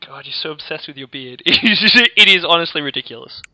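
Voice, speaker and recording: Bright high-voiced Australian man. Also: expressive, no room sound, poor audio. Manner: sarcastic, laughs often, talks in quick asides. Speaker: podcast co-host. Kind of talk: casual podcast banter.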